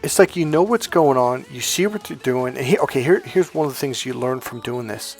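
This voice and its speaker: A man giving a blunt, emphatic motivational talk as a coach, swearing casually and talking in quick bursts. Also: mid-range voice, darkish tone, faint music behind.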